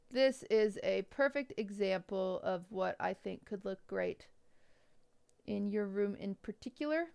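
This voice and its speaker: A woman's voice: mid-range voice, very animated, slow pace, vocal fry, pauses often, dark tone, smooth, dry recording. A young woman streaming live, chatting casually and giving frank, blunt design advice, sometimes swearing for emphasis. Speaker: streamer reviewing viewers' bedrooms.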